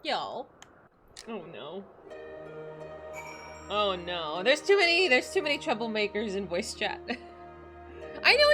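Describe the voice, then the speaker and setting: A woman streaming a game, reacting with excitable, laughing, emotional outbursts. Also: medium pitch, slow, pauses often, faint music behind. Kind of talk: casual gameplay livestream.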